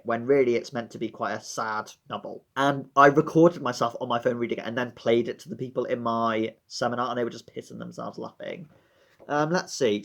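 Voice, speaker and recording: A man's voice: mid-range voice, gravelly. A young man vlogging about books in a dramatic, sardonic way. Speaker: book vlogger. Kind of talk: casual book vlog.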